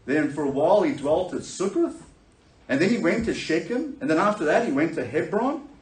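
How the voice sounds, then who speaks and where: A man's voice: on the high side, brisk. Guy preaching, storytelling, does little voices, mic a bit far off in a roomy echoey space. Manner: animated storytelling, acts out voices with laughter. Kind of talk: sermon. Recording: echoey room, voice from a distance.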